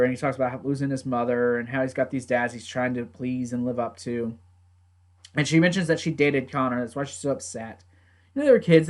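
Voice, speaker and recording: A man recapping and reviewing a TV episode in a casual, rambling way, now and then swearing at himself or his gear. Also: mid-range voice. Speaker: TV show reviewer.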